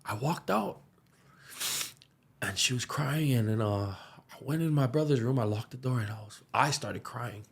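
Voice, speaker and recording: Young man, lilt, gravelly, husky, earnest podcast storytelling. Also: mid-range voice, normal speed. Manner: earnest, slips into soft hushed tones when emotional. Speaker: musician and aspiring pastor.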